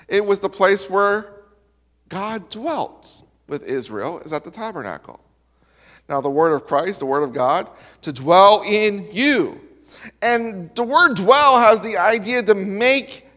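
High-voiced man preaching in an echoey hall. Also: fairly bright tone. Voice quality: emphatic, builds repeated parallel lines. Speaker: pastor. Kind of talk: sermon. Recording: reverberant hall.

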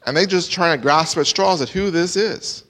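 A man's voice: sits high, normal speed. A man preaching an expository sermon, swinging his voice up and down for emphasis. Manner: animated, rises and drops sharply for emphasis. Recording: long hall reverb.

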